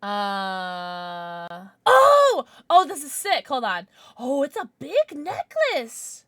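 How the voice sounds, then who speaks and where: Woman, livestreamer, giggly and excitable, lively swooping pitch, bright tone. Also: drawn-out words. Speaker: livestreamer thanking subscribers. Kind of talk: casual livestream chat.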